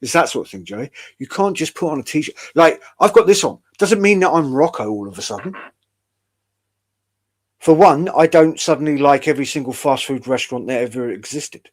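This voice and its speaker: A British man hosting an online show chats casually, rambling and wry and swearing freely. His voice is a little high and expressive, at a moderate pace.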